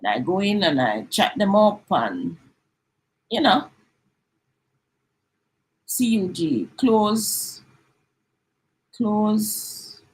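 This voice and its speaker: A middle-aged woman with a Jamaican accent talks casually on a live stream. She acts out quick exchanges and drifts between standard English and patois. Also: mid-range voice, animated, poor audio. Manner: chatty, mixes in patois, acts out little dialogues.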